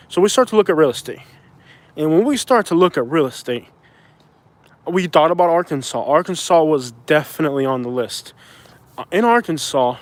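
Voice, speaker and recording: A man in his thirties chatting casually on a live stream outdoors by a bridge, rambling and arguing back at viewers. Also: a little high. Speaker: vlogger doing a live stream.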